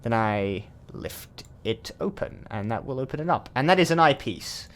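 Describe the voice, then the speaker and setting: A man's voice: medium pitch, lively intonation, normal speed. Rambling Australian man playing a game. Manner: rambling, thinking aloud with many fillers. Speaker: gaming channel host. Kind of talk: casual let's-play commentary.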